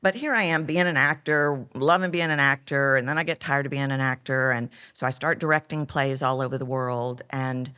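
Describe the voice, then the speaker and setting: A woman's voice: a bass voice, brisk, few pauses, smooth. A middle-aged woman with a Texan accent, a voice coach telling her story animatedly in an interview. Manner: animated storyteller, acts out quoted lines.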